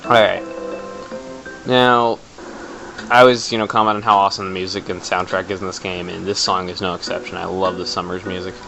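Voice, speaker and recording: Young male let's-player, casual and quick with jokes, faint music under him. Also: low voice, little pitch movement, vocal fry, poor audio. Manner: chatty, quick and jokey. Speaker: let's play commentator. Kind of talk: casual game commentary.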